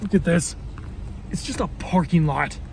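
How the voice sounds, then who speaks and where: A man's voice: on the high side, a little slow, gravelly, a little hiss or hum. A man vlogging from his car in a waiting line, grumbling and swearing in irritated rants. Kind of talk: ranting car vlog.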